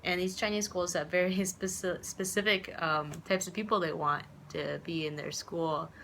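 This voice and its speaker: A woman's voice: lowish voice, steady tone, moderate pace, creaky, a bit bright, a little hiss or hum. A young woman from the United States rambling casually in a vlog, full of fillers and restarts, acting out the voices of people she quotes. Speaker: vlogger.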